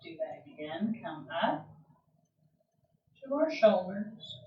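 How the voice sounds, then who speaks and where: A yoga instructor guides a class with a calm, gentle voice at ordinary pitch, speaking very slowly and leaving long pauses between cues. It sounds like a livestream from a home or studio room, picked up from across the space, so the audio is distant, roomy and a little dull.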